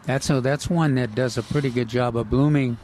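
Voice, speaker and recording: A man co-hosting a casual gardening radio chat, talking haltingly with many fillers and restarts. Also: medium pitch, fairly even intonation, a little mellow. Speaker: gardening show co-host. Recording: outdoor nursery with faint noise.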